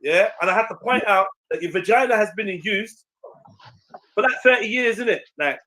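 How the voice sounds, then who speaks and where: A man, telling a story in casual chat, animated and slangy, swearing freely and acting out what others said. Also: sits high, a little fast, low-quality recording. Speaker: stream panelist.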